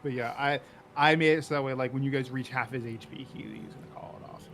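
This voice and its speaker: A man running a tabletop game as game master, his voice sitting at an ordinary pitch. He narrates loosely, with plenty of ums and likes. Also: fairly even intonation, quick pace, a bit bright, slight background noise. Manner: loose, filler-heavy narration.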